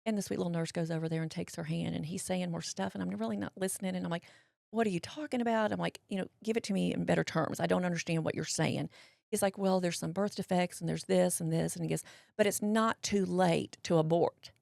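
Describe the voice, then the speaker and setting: A middle-aged woman with a lowish, gravelly voice tells her own story as an interview guest. She acts out the voices of the people in it. The sound is close and dry. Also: fast, dry recording. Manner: animated storyteller acting out quotes, drawling voices. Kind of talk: personal storytelling in a podcast interview.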